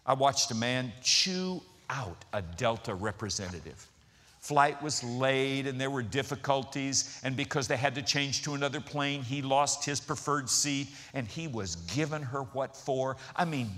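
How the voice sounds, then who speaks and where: A man's voice: a little high, normal speed. A middle-aged man preaching a sermon as pastor, telling stories and acting out quotes in different voices. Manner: animated storytelling with voiced quotes.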